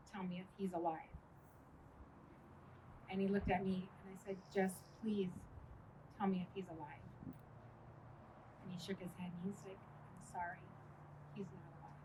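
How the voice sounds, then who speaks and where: A middle-aged woman speaking at a memorial, recounting a personal loss haltingly with many pauses and fillers. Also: mid-range voice, level tone, recorded from a distance, background noise. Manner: halting, with frequent ums. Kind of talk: personal testimony speech.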